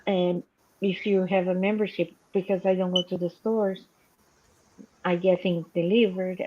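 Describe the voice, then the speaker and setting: A woman's voice: lowish voice, dull audio. A woman with a non-native English accent, hosting a casual live chat and acting out the calls she tells about. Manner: animated storyteller, acts out quoted dialogue. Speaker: livestream host.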